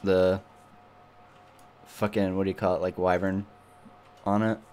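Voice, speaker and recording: A man's voice: low voice, little pitch movement, measured pace, darkish tone, faint music behind. A man streaming a game, talking casually to himself, swearing freely, laughing and groaning at what he finds. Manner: swears freely, mutters to himself while playing; laughs often, groans at bad loot. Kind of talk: casual gameplay commentary.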